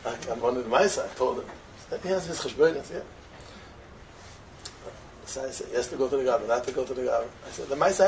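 A man giving an informal religious talk before the holiday, animated and switching between Hebrew and Yiddish terms, building up to emphatic peaks. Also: fairly high pitch, a little hiss or hum, low-quality recording. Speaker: religious speaker.

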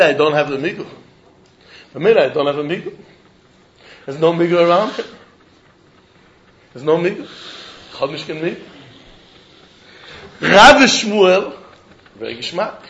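A man teaching a Talmud lesson in an animated, sing-song study cadence, often laughing as he argues. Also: very high voice, highs cut off, slight background noise.

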